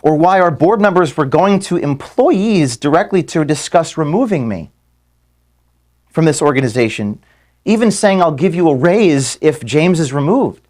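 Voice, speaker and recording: Nearly in tears, a man stumbles through a farewell speech to his staff in an office, repeating himself and apologizing for getting emotional. His voice sits a little high, with an expressive, somewhat dark tone.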